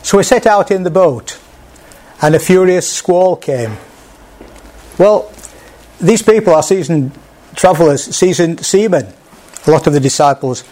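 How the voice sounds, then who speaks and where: A man's voice: fairly high pitch, expressive, measured pace, pauses often, warm tone. A man preaching a sermon in a plain conversational way, with small restarts. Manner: conversational, with small restarts, acts out quoted speech.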